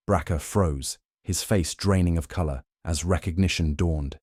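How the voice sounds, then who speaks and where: Deep-voiced man narrating a story. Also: a little mellow, slightly rough, dry recording, studio quality. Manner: measured, formal storytelling.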